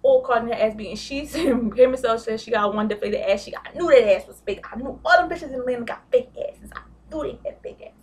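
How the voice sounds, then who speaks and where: A woman's voice: fairly high pitch, fast, hardly any pauses, a little mellow, recorded from a distance. A young woman vlogging a casual, gossipy recap of a reality show, blunt and profane.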